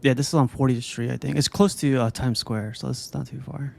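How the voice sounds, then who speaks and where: A man hosting a casual livestream video chat, relaxed and laughing often, talking through a call mic. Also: medium pitch, brisk, vocal fry, slight background noise. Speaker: livestream host.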